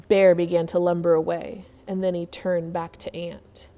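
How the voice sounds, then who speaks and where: A woman reading a folktale aloud in a measured, expressive storytelling manner. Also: on the low side, soft background music. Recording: long hall reverb.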